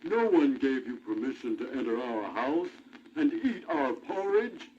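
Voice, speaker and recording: A man voicing a big, stern papa bear who scolds in a loud, booming voice. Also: very animated, a little slow, slight background noise. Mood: scolding. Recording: muffled old vinyl record.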